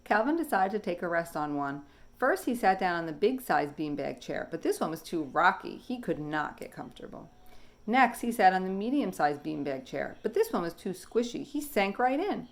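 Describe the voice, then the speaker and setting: Woman slowly reading a picture book aloud. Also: on the low side. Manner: slow, expressive storybook reading. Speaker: teacher.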